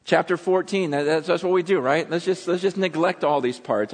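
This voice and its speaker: A man's voice: on the high side, a little fast. A man preaching a sermon as a pastor, talking in a blunt, conversational way and loosely paraphrasing scripture in everyday speech. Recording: long hall reverb.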